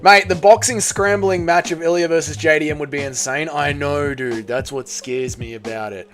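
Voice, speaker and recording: Aussie guy running a live stream, talks fast and loose, reads out chat, swears a bit, slightly high voice. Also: soft background music. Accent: Australian. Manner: animated, reads and answers viewer chat, swears casually.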